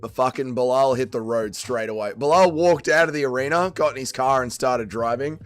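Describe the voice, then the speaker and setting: A man's voice: mid-range voice, brisk. An Australian man hosting a casual livestream, chatting and swearing with his viewers while still drunk and tired after a late night. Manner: swearing, laid-back banter with chat. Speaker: livestream host.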